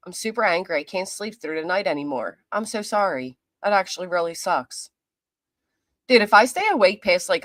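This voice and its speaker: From her apartment, a woman livestream host with a lowish, fairly bright voice chats casually with live viewers, friendly and chatty as she reads out their names in roll-call greetings. The sound is dry and close, with no room sound.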